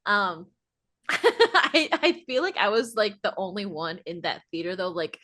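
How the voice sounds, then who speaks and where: A woman co-hosting a podcast in casual chat, animated and laughing often. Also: mid-range voice, measured pace. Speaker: podcast co-host.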